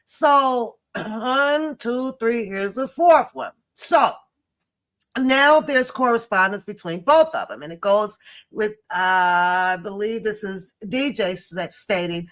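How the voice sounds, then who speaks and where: A woman hosting a commentary channel, reading text messages aloud and reacting in an emphatic, sassy way with loud outbursts. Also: medium pitch, lively intonation, slow pace.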